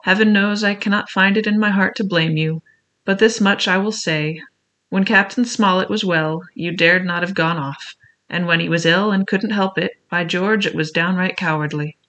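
A reader doing a stern, kindly ship's doctor. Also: male voice, high voice, steady tone, moderate pace. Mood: earnest. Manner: gentlemanly, earnest speech.

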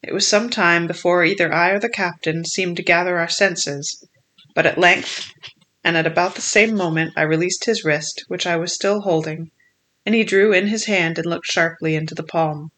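A steady, measured audiobook narrator reading a classic adventure novel. The delivery is even and unhurried, in plain storytelling. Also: medium pitch.

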